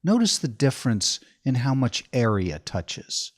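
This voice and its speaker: A man giving a slow, calm, step-by-step guided body-awareness lesson as movement instructor. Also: mid-range voice, no echo, studio quality.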